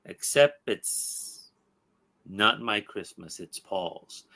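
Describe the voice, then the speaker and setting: A man's voice: fairly low pitch, animated, drawn-out words, gravelly, bright, forceful tone, full character voice. A man reading aloud the lines of a bitter dead circus performer turned ghost hero, indignant and self-pitying. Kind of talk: read-aloud comic dialogue.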